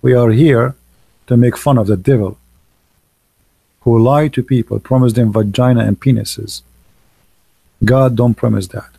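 A man hosts a live stream and preaches with emphatic scorn, repeating his points in non-native English phrasing. His voice is gravelly and dark. The sound is close and dry. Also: medium pitch, fairly even intonation, unhurried, pauses often, no echo. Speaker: livestream host.

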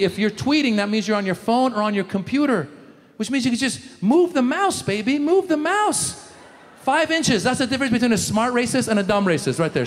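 Brief: male comic on stage, lively bits with shouted voices, high voice, live hall sound with faint noise. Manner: animated, switches into loud shouted character voices. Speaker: stand-up comedian. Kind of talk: stand-up comedy set.

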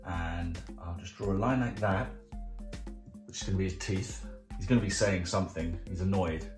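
A man's voice: low-pitched, normal speed. Playful man teaching kids to draw. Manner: chatty, playful, jokey step-by-step explaining. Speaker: children's art club host. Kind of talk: drawing tutorial for kids. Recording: roomy sound with faint music.

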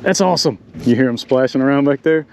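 A man, chatting excitedly to the camera while fishing in a marsh from a small boat. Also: mid-range voice, fast talker, slight background noise. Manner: excitable, talks to the animals and the viewers. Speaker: fishing vlogger. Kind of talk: casual running commentary while fishing. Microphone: action camera mic.

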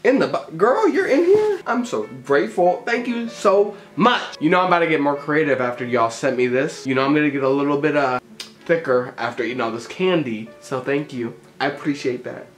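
An art vlogger chatting casually to camera at home, excitable and gushing. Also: medium pitch, fairly quick. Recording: roomy echo with faint music.

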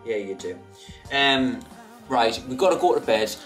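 A man's voice: mid-range voice, animated, unhurried, fairly bright tone, soft background music, poor audio. A young man chatting on a vlog, dry and self-deprecating, often breaking into giggles. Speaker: vlogger. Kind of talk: casual chat.

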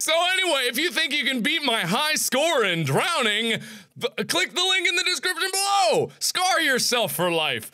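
High, bright-voiced excitable gaming host. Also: male voice, normal speed. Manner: excitable, often shouting and yelping. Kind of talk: energetic gameplay commentary.

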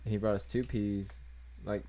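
A man's voice: lowish voice, little pitch movement, normal speed, warm tone. A man co-hosting a podcast, telling a rambling work story in a laid-back, casual way. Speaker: podcast co-host. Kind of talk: casual chat.

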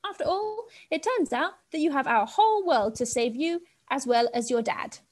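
A woman voicing a proud, cheerful queen with a brisk, teasing manner while reading a storybook aloud. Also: high-pitched, expressive, voice pushed up.

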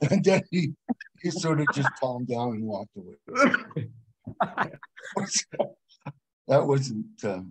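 A man's voice: medium pitch, lively intonation, drawn-out words, long pauses, husky, low-quality recording. A man guest on a martial arts chat, telling a story in a laid-back way with laughs between lines. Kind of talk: casual chat.

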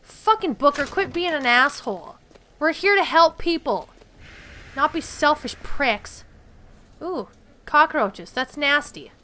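A young woman hosting a let's-play, chatty and quick to swear and get upset at the game. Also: sits high, animated, pushed and bright, slight background noise. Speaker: gaming channel host. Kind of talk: casual let's-play commentary.

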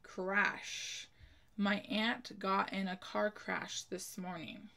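Spelling out each word one letter at a time, a woman takes children through a slow, careful spelling lesson and gives an example sentence. Her mid-range voice has fairly even intonation, some vocal fry, and a fairly bright tone.

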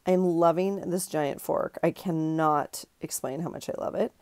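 Deep and darkish, her voice moves at a measured pace in a recording with no room sound. She's a middle-aged craft channel host who chats in a rambling, giggly way while she works, often correcting herself.

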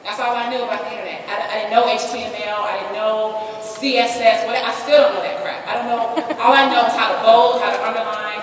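A woman's voice: fairly high pitch, steady tone, quick pace, few pauses. A woman giving a candid, joking motivational talk to a live audience at a business event. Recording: echoey hall, distant mic, background noise.

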